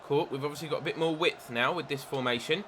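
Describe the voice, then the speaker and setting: A young man giving excitable play-by-play commentary on his own football video game match, with asides about his tactics. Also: on the high side, fast talker. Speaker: gaming YouTuber.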